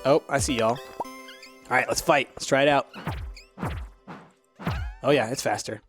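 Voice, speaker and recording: A man's voice: mid-range voice, fairly even intonation, unhurried, a bit bright. Chatty man narrating his gameplay. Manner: chatty, thinking aloud with many fillers. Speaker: let's play host. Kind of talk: casual gameplay commentary. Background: faint game music.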